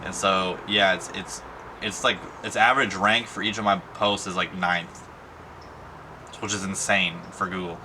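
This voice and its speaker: A man's voice: deep voice, steady tone, unhurried, noisy background. A young man talking in a casual personal vlog, rambling and emotional, with many fillers and restarts. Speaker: vlogger.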